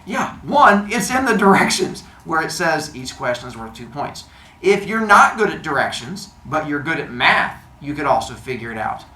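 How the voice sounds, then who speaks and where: A man's voice: fairly high pitch, big pitch swings, normal speed, pushed and bright, a little hiss or hum. A man teaching a class, giving quiz instructions in a playful, jokey way with silly made-up words. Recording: echoey classroom, faint ambience.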